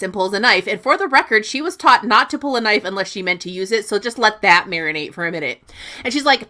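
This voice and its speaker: A woman's voice: mid-range voice, expressive, sharp tone. A woman podcast host giving a profane, comedic recap of a book chapter, with voiced quotes. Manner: profane, sassy, quick retelling with voiced quotes.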